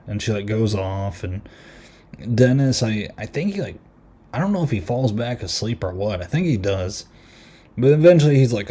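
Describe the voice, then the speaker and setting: Chatty low-voiced man recapping a movie. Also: moderate pace, dark tone. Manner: chatty, lots of "like" and "um". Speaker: podcast host. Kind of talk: casual movie review recap.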